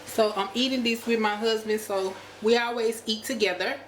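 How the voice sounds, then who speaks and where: An American home cooking vlogger with a slightly high voice speaks at a normal, steady pace. She chats casually, calling her viewers "y'all," as she shows a dish step by step. Her kitchen sounds echoey, with cooking noise in the background.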